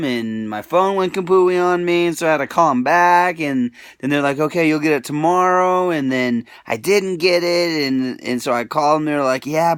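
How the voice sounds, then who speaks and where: Young man, fairly high voice, rambling confessional vlog, emotional swings, dry close recording. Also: clear, resonant tone, no room sound. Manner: emotional, swings between mumbling and crying out; rambling, many filler "like"s. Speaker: vlogger.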